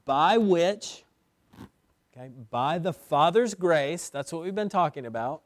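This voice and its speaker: Man, pastor, sermon, slow deliberate delivery, emphatic repetition, dry sound. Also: on the high side, lively intonation, no echo. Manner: emphatic, with slow stretched phrases and repeated words. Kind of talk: expository sermon.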